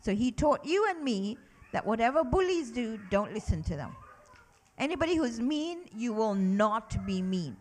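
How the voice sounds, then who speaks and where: A woman's voice: on the high side, moderate pace. A middle-aged woman giving a religious lesson to children, asking them lots of questions and leading them in call-and-response recitation. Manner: animated, asks children many questions. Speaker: children's lecturer at a mosque.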